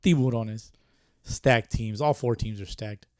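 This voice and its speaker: A man in his thirties hosting a podcast, cursing freely and joking in bursts of loud banter. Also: lowish voice, unhurried, no room sound, studio quality. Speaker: podcast host.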